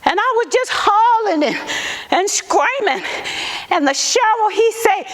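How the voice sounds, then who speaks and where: Actress doing a woman activist, slow high voice, halting earnest testimony in an echoey hall. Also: lively intonation. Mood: anguished. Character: Southern Black woman civil rights activist testifying. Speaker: actor in museum portrayal. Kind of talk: first-person historical monologue.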